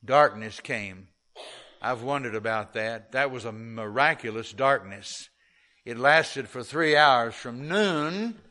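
A middle-aged man preaches to his congregation in an earnest, measured way. He takes his time and leans on each line of scripture. His voice is bright and forward, and his pitch sits in a normal middle range. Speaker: pastor. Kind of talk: sermon.

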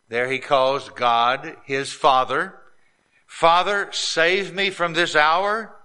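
A man preaching a sermon, reading scripture slowly and deliberately and lifting his voice on the quoted lines. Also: bright, forceful tone. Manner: reads scripture slowly, rising in pitch and volume on quoted lines; drawn-out, deliberate delivery.

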